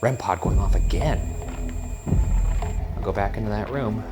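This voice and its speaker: A man hosting a ghost hunt in an old house, calling out loudly one moment and muttering quietly the next. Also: fairly low pitch, unhurried, loud music behind the voice. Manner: jumpy, swings between hushed muttering and loud calling out. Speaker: ghost hunting show host. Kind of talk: solo ghost hunt narration.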